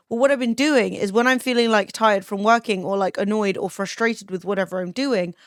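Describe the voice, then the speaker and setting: A woman's voice: fairly high pitch, no room sound, studio quality. A young woman streaming a farming game, talking casually with chat, swearing freely and reading comments aloud.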